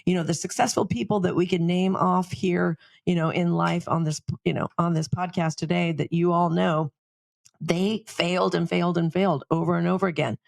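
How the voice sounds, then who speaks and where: A middle-aged woman co-hosting a podcast, telling stories in a lively, chatty way and laughing often. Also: fairly low pitch, normal speed, creaky, no echo. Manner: animated storytelling, laughs often. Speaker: podcast co-host. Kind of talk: casual chat.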